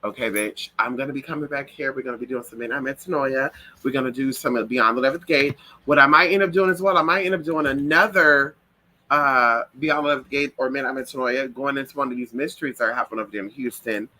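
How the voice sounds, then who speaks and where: A man hosting a casual livestream, telling stories in a sassy, profane, animated way and breaking into shrill voices for the people and birds he mimics. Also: quick pace. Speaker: livestream host. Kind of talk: casual gossip chat.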